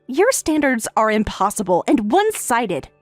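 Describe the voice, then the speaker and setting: A woman's voice: on the high side, big pitch swings, normal speed, no echo, faint music behind. Synthetic woman voice as a defiant young wife. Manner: firm, pointed replies. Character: tired young wife pushing back firmly. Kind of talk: text-to-speech story reading.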